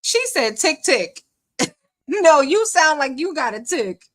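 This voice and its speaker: A woman's voice: high voice, big pitch swings, unhurried. A woman hosting a livestream, giving sassy, colloquial commentary on a phone call and laughing often as she mocks it. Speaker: livestream host.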